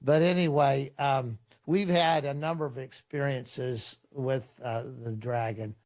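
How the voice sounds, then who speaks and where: A man who is a pastor, a podcast guest telling a story in a relaxed, conversational way. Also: medium pitch, unhurried.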